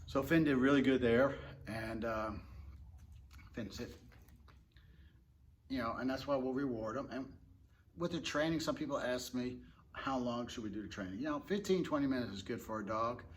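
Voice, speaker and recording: A man who trains dogs, talking in a relaxed, rambling way and explaining tips casually with fillers and restarts. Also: medium pitch, fairly quick, a little hiss or hum. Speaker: dog trainer. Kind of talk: casual instructional talk.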